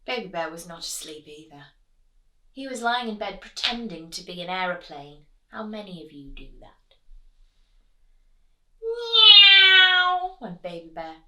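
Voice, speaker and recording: A woman reads a picture book aloud to children, stopping to ask them questions and dropping into whispers. Her bright voice moves up and down a lot at an unhurried pace. She is set back from the mic in an echoey room. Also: lowish voice, recorded from a distance. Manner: animated, asks children questions, drops to whispers. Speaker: children's storyteller.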